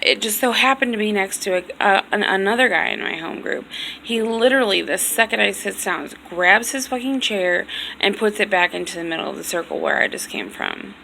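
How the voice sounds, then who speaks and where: A woman's voice: mid-range voice, lively intonation, brisk, gravelly, bright, forceful tone, a little hiss or hum, rough recording. A woman vlogger telling a long story casually, rambling, full of "like" and swearing, sounding tired and hurt. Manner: rambling, heavy on "like", frequent swearing.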